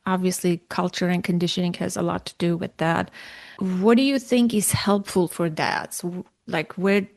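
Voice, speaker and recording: Low-voiced woman hosting a podcast. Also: moderate pace, gravelly, a little mellow. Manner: reflective, asks questions one after another. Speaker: podcast host. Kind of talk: interview.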